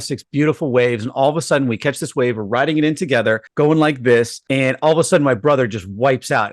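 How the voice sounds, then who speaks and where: A man in his thirties tells casual stories on a podcast, his voice sitting at an average pitch. He acts out other people's lines with sudden high jumps. The recording is dry and close, with no room sound. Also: no echo. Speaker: podcast host. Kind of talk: casual storytelling chat.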